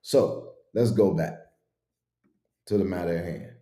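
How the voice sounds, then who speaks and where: A man speaks in an unhurried, lowish voice, delivering blunt and sarcastic commentary. His tone is mellow, and the recording carries a noticeable room echo.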